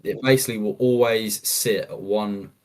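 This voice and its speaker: A man's voice: on the low side, fairly even intonation, normal speed. A man, a guest running a cleaning business, explaining his equipment in casual chat with many restarts. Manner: explains with many restarts, says "yeah" a lot.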